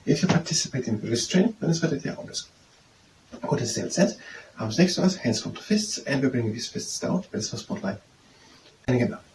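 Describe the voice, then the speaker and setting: A man reads aloud from a study text and practices phrases, sounding hesitant and repeating words to get them right. His voice sits mid-pitch. It is captured from a distance in a roomy space with faint background noise. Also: animated, brisk. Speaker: self-study video host.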